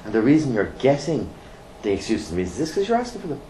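A middle-aged man teaching a training course, blunt and lively, firing rhetorical questions at the room. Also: medium pitch, fast talker. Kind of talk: classroom teaching. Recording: roomy echo, faint background noise.

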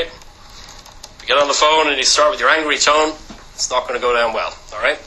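Guy lecturing a class, loud and super bright, rattles along quick, keeps saying okay?. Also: mid-range voice, slight background noise, poor audio. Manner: brisk, peppers lines with "okay?". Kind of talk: training lecture.

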